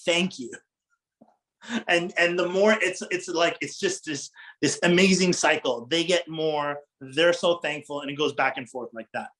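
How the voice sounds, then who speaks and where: A man's voice: on the high side, normal speed, few pauses, a bit bright, low-quality recording. A middle-aged man giving a conversational religious talk, engaging the audience with questions and light laughter. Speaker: Islamic preacher.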